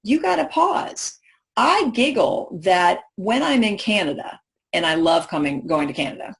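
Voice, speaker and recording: Woman workshop presenter, animated, question-driven delivery to a live audience. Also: on the high side. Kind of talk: professional development workshop talk.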